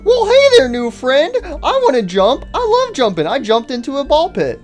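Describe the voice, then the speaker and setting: A shrill, squealing robot sun boy, bursting with childish glee, pitched far up and loud. He shrieks and chirps through every word like a toddler on a sugar rush. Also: wildly swooping pitch, normal speed, soft background music, heavily acted. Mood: giddy. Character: hyper, childish male sun-faced animatronic.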